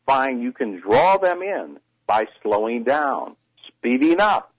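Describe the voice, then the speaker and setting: A man speaking as a voice coach in a radio interview, his pitch swinging freely as he explains and demonstrates exercises. His expressive, demonstrative delivery comes through a somewhat muffled radio recording. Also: slow pace. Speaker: voice coach and broadcaster.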